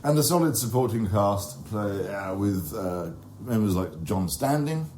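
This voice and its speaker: A man co-hosts a podcast with a dry, deadpan delivery. His voice sits fairly low. The tone is dark and mellow. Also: unhurried, a little hiss or hum. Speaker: podcast co-host. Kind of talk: casual chat.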